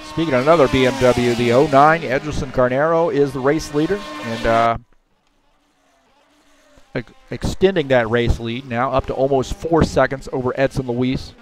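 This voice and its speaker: A man's voice: medium pitch, fairly even intonation, normal speed, faint music behind. Casual male sim racing commentator. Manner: casual, chatty, many fillers. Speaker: race commentator.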